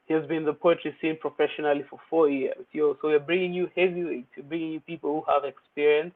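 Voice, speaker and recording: A man's voice: a little high, level tone, fairly quick, few pauses. A man hosting a poetry open mic, introducing the featured poets in a casual, hyped way with many fillers. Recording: tinny phone-like audio.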